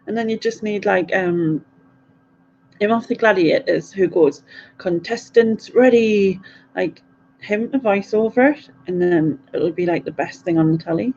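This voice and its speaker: A woman's voice: lowish voice, moderate pace, darkish tone, lo-fi sound, a little hiss or hum. A middle-aged woman, chatting and giggling through a casual live question-and-answer stream.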